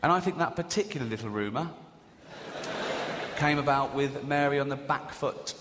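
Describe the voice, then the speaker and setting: Performing stand-up for a theatre crowd, the middle-aged man spins crude, sarcastic tales at his own expense. His mid-range voice is expressive and moves at a normal speed. The live hall recording is noisy, full of loud audience laughter.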